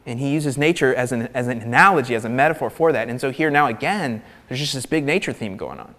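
A man preaching a sermon, animated and emphatic, sometimes dropping his voice to a near-whisper for emphasis. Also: mid-range voice, fast talker, long reverb tail.

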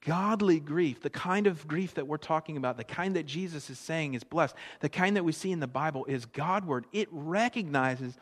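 A man's voice: on the high side, normal speed, hardly any pauses. A middle-aged man preaching a sermon to his audience, with a conversational manner and frequent questions to them. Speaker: pastor. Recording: long reverb of a large hall.

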